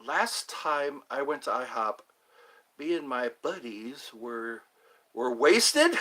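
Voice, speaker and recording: A man's voice: medium pitch, very animated, slow, fairly bright tone. A man streaming live, rambling and joking as he chats with his viewers. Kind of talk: casual live-stream chat.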